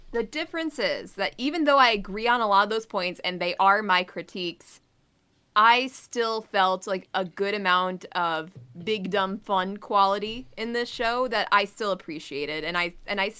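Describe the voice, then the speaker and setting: A woman co-hosting a podcast, chatting casually about a show with a halting, filler-heavy manner. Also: mid-range voice, expressive, bright, forceful tone, clean tone. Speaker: podcast co-host. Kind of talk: casual review chat.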